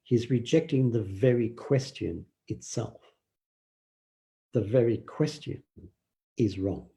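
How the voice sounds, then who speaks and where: An older man giving a relaxed dharma talk, telling stories with fillers and acted quotes. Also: medium pitch, slow, creaky. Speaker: meditation teacher.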